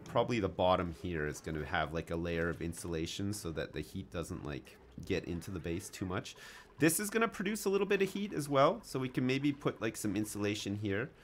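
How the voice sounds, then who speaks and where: A man's voice: deep voice, fairly bright tone, a little hiss or hum. A man casually commenting while he plays a game on a live stream, joking and chatting with his viewers. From Canada.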